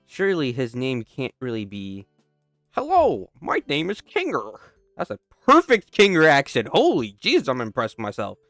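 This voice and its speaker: A man's voice: medium pitch, fairly bright tone, dry recording. A young man casually reading a game's text aloud while playing, often stopping to restart and break into joking asides. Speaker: gamer.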